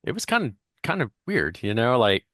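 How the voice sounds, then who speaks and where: A man's voice: medium pitch, big pitch swings, moderate pace, fairly bright tone, dry recording, studio quality. A middle-aged man co-hosting a podcast in casual chat, loose and easygoing with many restarts, talking on a headset. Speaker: podcast co-host.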